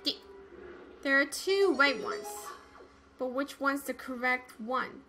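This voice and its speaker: A young woman giving casual let's-play commentary, excitable and easily scared, with squeals and laughs. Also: high-pitched, slow pace, faint music behind.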